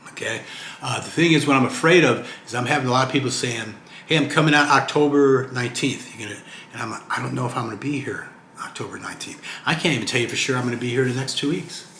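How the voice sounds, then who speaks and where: A man's voice: medium pitch, fairly bright tone. Chatty retired man, roomy echo. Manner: chatty, rambling, keeps asking "okay?". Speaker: retired vlogger. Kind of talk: casual talking-head vlog. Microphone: camera mic. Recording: roomy echo, faint hiss.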